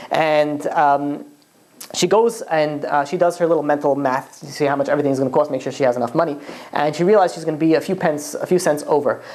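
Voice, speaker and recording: A woman's voice: deep voice, darkish tone. A woman telling a long story in a chatty, casual way, with many "like" and "you know" fillers.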